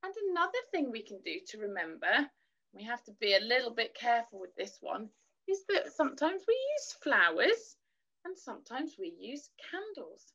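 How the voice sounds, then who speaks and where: A woman leading a gentle children's worship lesson, teaching in a soothing sing-song voice and singing simple lines for children to repeat. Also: on the high side, very animated, normal speed, husky. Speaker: children's church leader. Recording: dull lo-fi recording.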